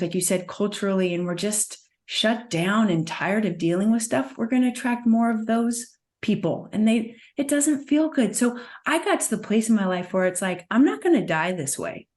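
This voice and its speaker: A woman working as a somatic trauma practitioner, talking as an interview guest in an earnest, soothing way and guiding with gentle prompts. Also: mid-range voice. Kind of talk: guest in conversation, gentle coaching.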